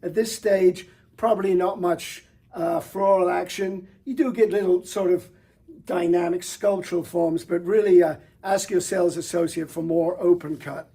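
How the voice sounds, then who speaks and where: Presenting flowers at a moderate pace, a middle-aged man speaks in a high, steady voice that's creaky, mellow, and husky. He's eager and talkative in this showcase, using fillers and small restarts.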